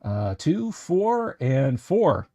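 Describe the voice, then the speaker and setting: A man running a tabletop game livestream as game master, slowly describing what the players find, with lots of hesitant fillers and restarts. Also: on the high side, sing-song, warm tone, no echo. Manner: describes items slowly and carefully.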